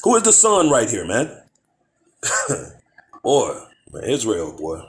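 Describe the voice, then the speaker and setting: A man teaching from the Bible in a casual, conversational way, reading verses slowly and firing off rhetorical questions. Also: lowish voice, huge pitch swings. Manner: conversational, peppered with "man, you know"; reads verses slowly and deliberately. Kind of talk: informal scripture teaching.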